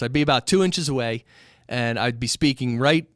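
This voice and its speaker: A man with a mid-range voice talks casually about using a microphone, stopping and restarting as he goes. His voice is smooth and clear. The sound is dry and close, recorded in a small studio. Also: medium pitch, normal speed, fairly bright tone, dry recording. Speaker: recording studio owner teaching mic technique. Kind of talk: casual instructional talk to camera. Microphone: studio microphone at a few inches, sometimes pulled far off.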